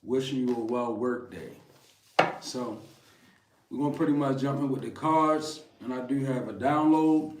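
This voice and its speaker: A medium-pitched man co-hosting a card reading stream earnestly retells a scripture story as a spiritual message. He's recorded from a distance, off-mic in a roomy space with faint noise.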